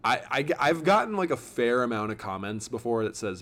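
A young man hosts a podcast in easy, casual conversation. His voice sits at an ordinary middle pitch, and he rambles along, full of fillers and restarts as his thoughts tumble out. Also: big pitch swings, fairly quick, fairly bright tone. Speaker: podcast host.

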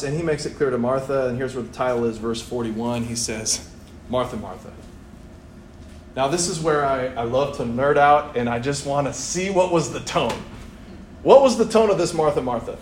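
A young man preaching a sermon in a church, animated and playful, acting out voices as he tells the story. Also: medium pitch, a little hiss or hum. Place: church hall. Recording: echoey church room, faint ambience.

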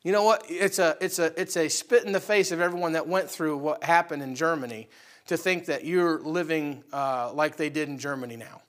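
A pastor preaching a conversational sermon to his congregation, swinging between loud animated outbursts and quiet asides. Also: a little high, moderate pace.

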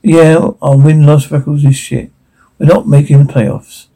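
An actor playing a blunt, foul-mouthed man in a television drama, talking in a gruff, exasperated rant. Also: on the high side, flat delivery, measured pace, warm tone, poor audio. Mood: fed up.

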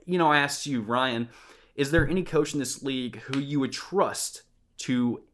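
A man's voice: medium pitch, moderate pace, a bit bright. A young man from Houston co-hosting a sports podcast, ranting in exasperated, profane bursts. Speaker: podcast co-host. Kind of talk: casual sports chat.

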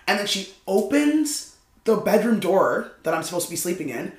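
A man's voice: high-pitched, big pitch swings, normal speed. A man, a guest comedian, telling a story in casual podcast chat and acting out the other people's voices. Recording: roomy echo.

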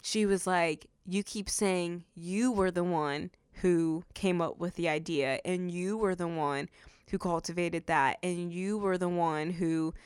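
A young adult woman hosting a faith-based podcast, telling stories and acting out what people said in an animated way. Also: fairly low pitch, unhurried, clean tone, dry recording, clean studio sound. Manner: animated storytelling, acts out quotes. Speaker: podcast host.

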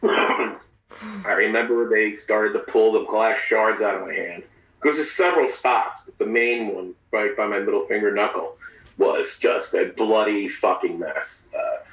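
A man recounting his own past in an interview, speaking candidly and haltingly, with frequent profanity and restarts. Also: lowish voice, a bit bright. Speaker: interview guest. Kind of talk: personal storytelling in a podcast interview. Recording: roomy, distant mic.

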